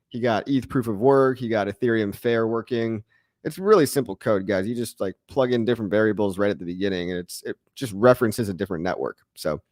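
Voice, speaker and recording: A man's voice: mid-range voice, a little mellow, no room sound, clean studio sound. A man hosting a casual livestream, reading viewer chat in a loose, chatty way, often saying "guys" and chuckling.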